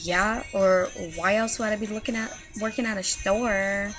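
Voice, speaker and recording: A woman voicing a rude, smug young male store clerk in a low, muttered, dismissive tone. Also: fairly even intonation, normal speed, fairly bright tone, faint music behind, close to an everyday voice, low-quality recording. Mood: sneering.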